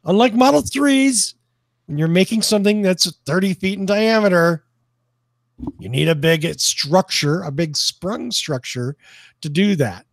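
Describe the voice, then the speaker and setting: Male co-host, chatty and joking, pitch jumps around, dry close sound. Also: a little slow, creaky, dry recording. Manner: animated, joking, many fillers and restarts. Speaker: podcast co-host. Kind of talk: casual chat.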